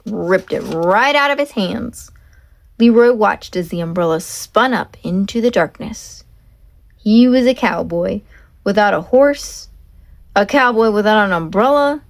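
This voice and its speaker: A woman reading a children's chapter book aloud with expressive, emphatic narration. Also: mid-range voice, vocal fry. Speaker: storyteller.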